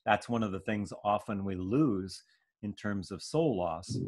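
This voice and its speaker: A man giving a gentle, searching spiritual talk, with soft hesitations as he thinks. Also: on the low side, measured pace. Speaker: spiritual teacher.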